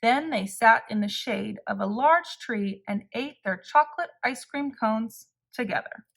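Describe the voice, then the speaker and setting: A woman reading a picture-book story aloud to children in a slow, expressive way. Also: a little high, creaky.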